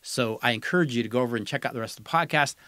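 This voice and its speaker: A man's voice: mid-range voice, very fast, pushed and bright, no room sound. A man hosting a podcast, giving casual, sarcastic and dismissive opinion commentary. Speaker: podcast host.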